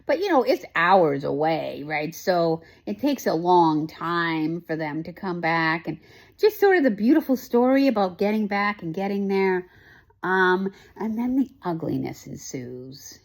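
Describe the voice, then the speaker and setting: A woman's voice: fairly low pitch, animated, measured pace. A woman hosting a casual chat, recapping a TV show with lots of emotion, rambling with many fillers and restarts. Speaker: host.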